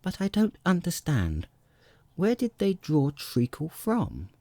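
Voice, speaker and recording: A man voicing a curious, earnest young girl in a storybook, inquisitive and quick to take offense. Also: a little high, huge pitch swings, mellow, husky, dry recording, pitched above the performer's own voice, heavily acted.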